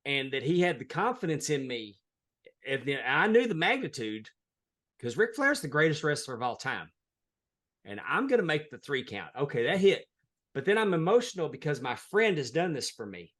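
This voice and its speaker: A man's voice: fairly high pitch, sing-song, moderate pace, fairly bright tone. A man, a wrestling referee, telling a heartfelt story in a casual interview. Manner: earnest, heartfelt, plain-spoken.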